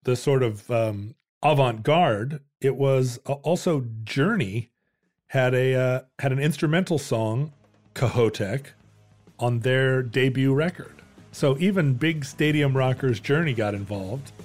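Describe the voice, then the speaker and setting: A man's voice: mid-range voice, a little slow, darkish tone, faint music behind. A man who is a rock musician, chatting casually and laughing easily, with loose fillers as he recalls things. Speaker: musician and co-host. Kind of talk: casual comedic chat.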